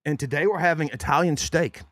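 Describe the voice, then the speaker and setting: A man's voice: on the high side, brisk, a bit bright, dry recording. Male host, folksy sponsor-read energy, dry close mic. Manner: chatty, folksy, many fillers and restarts. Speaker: podcast host. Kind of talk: casual sports podcast chat with sponsor reads.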